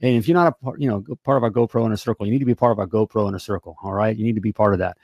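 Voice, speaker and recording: A man's voice: on the low side, racing, darkish tone, no echo. An American man hosting a live talk show from a home studio, talking in an upbeat, rambling way with lots of fillers and repeats. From United States. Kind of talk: casual live show chat.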